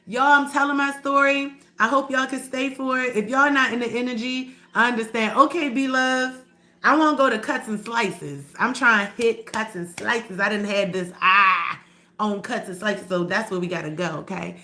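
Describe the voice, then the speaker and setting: Woman live streamer, confrontational and profane, bright tense voice, storytelling to chat. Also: on the high side, steady tone, moderate pace. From Baltimore area. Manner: blunt, profane, addressing viewers as y'all; heated and confrontational.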